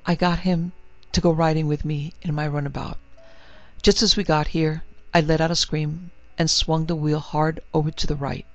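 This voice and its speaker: A man's voice: a little high, flat delivery, moderate pace, dry recording, close to an everyday voice. Man doing a headstrong young woman. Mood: urgent. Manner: urgent and emotional. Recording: dry, slightly muffled recording.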